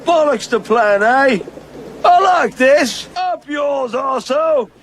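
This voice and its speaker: A shouting foul-mouthed thug. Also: male voice, very high-pitched, expressive, slow pace, heavily acted. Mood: abusive. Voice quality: shouting, coarse. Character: foul-mouthed crude British thug man. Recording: noisy film soundtrack.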